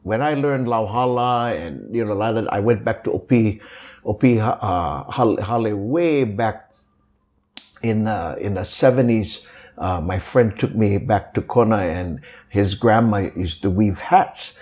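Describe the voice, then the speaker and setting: A man's voice: lowish voice, unhurried. An older man from Hawaii with a Hawaiian Pidgin-inflected accent, telling stories in an interview with many fillers and acted-out quotes. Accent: Hawaiian Pidgin-inflected English. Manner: animated, acts out quoted voices, many fillers. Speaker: guest, kapa maker. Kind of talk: storytelling interview.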